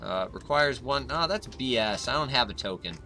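A man hosting a gaming channel, chatting casually and rambling with lots of filler, breaking into sudden excited outbursts while he plays. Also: mid-range voice, moderate pace. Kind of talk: casual let's-play commentary.

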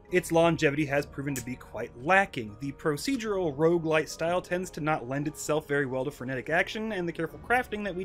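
A man's voice: fairly high pitch, a bit bright. Sardonic, theatrical male game reviewer. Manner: sardonic, theatrical, mock-grandiose asides. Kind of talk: comedic game review narration.

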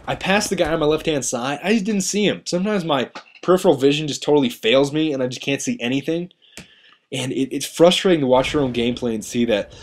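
A man's voice: a little high, quick pace, slight background noise. A man giving a chatty, rambling voice-over commentary on a video game, often mocking himself. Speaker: gaming commentator.

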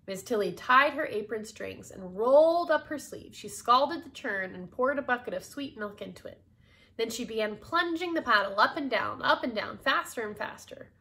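A woman reading a children's book aloud in a gentle, expressive way. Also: fairly high pitch, normal speed. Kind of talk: storybook read-aloud.

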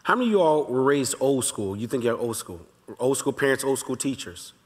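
A pastor teaching a Bible study in a relaxed, conversational way, talking straight to the congregation and slowly repeating his key lines. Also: medium pitch. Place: church sanctuary. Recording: long reverb of a large church hall.

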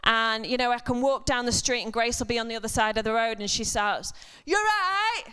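A woman's voice: a little high, flat delivery, fast talker, fairly bright tone, clear, resonant tone. A woman giving a chatty sermon in church, full of humorous asides and self-deprecating jokes. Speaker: church speaker. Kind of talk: conversational sermon. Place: church service before a congregation.

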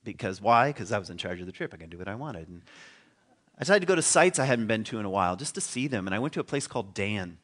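A man's voice: fairly low pitch, big pitch swings, fast, a bit bright. A man teaching at a spiritual community, giving a conversational sermon, chuckling and thinking aloud with frequent restarts.

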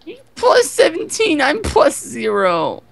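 A man's voice: very high-pitched, wildly swooping pitch, slow, gravelly, a bit bright. A man co-hosting a gaming video, swearing and teasing his teammate in casual banter over a headset. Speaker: gaming channel co-host.

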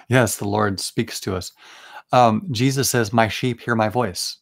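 A man's voice: on the low side, steady tone, takes it slowly, creaky. A young man leading a late-night Bible study, preaching in an earnest, conversational way with frequent restarts and asides. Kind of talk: informal sermon.

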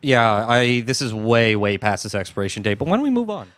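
A man co-hosting a podcast in casual chat, mocking and brisk. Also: medium pitch, very animated, fairly bright tone, no echo. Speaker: podcast co-host.

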